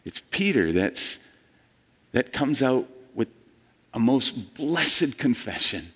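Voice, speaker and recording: A man preaching a sermon, telling the story with animated quoted voices. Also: mid-range voice, takes it slowly, slightly rough, in a large hall. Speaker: pastor.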